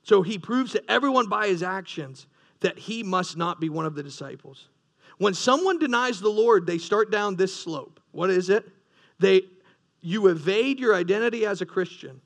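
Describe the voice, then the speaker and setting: A man's voice: sits high, expressive, moderate pace, gravelly, fairly bright tone. A man preaching a sermon, earnest, with rising emphasis and frequent restarts. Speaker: pastor.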